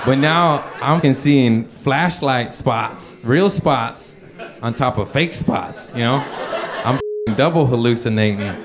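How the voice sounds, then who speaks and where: A man's voice: mid-range voice, slow pace. A young man doing stand-up, telling a long story in a loose, profane way and chuckling as he goes. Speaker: stand-up comedian. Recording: live room with audience laughter.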